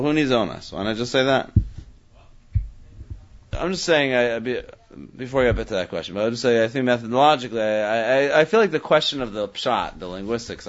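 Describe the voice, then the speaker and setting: A man leading a Talmud discussion, questioning and thinking aloud, often restarting his sentences. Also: on the low side. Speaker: Talmud study teacher. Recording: slightly dull lo-fi recording.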